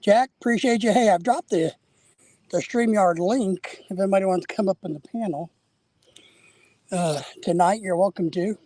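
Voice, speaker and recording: A man's voice: high voice, moderate pace, dark tone, no room sound. A man hosting a casual live stream while fishing outdoors at a lake, a little out of breath, rambling and greeting viewers by name.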